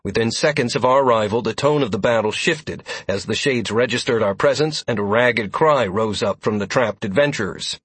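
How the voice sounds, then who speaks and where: Male narrator, fantasy audiobook, first person, husky, dry studio sound, mid pitch. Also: normal speed, hardly any pauses, no room sound. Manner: steady storytelling.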